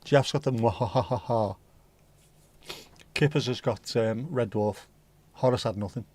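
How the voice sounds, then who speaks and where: Chatty and rambling, a livestream host reads viewer comments and swears casually as he goes. He speaks at a moderate pace in a mid-range voice that's a little mellow.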